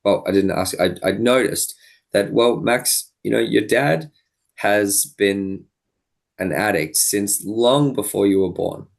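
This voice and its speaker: A young man speaks as a podcast guest in a low register. His voice has a gravelly, creaky edge. He tells his story earnestly and thoughtfully, backing up to restart his phrases. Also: slow. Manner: earnest, thoughtful, with frequent restarts and quoted dialogue. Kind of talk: reflective storytelling in an interview.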